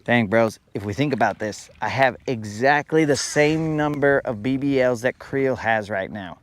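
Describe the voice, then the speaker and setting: Hosting a live fishing broadcast from a lake boat, a man of mid-range voice and moderate pace jokes with his viewers and teases them with theatrical complaints. Faint boat and water sounds come through the outdoor recording.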